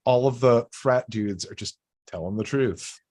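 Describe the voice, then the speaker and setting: A man's voice: medium pitch, unhurried, a little mellow, no room sound. A man co-hosting a casual show recap, rambling with many fillers and restarts and laughing often. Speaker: podcast co-host.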